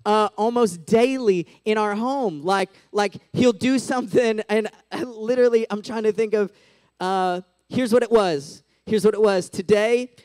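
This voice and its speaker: A man's voice: high-pitched, darkish tone, smooth, no echo. A man in his thirties giving a casual, chatty sermon as a youth pastor, full of "like" and "right?", on a close mic.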